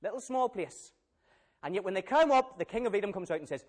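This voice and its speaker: A man telling a Bible story as a sermon, animated and questioning his listeners. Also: high voice, brisk. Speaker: preacher.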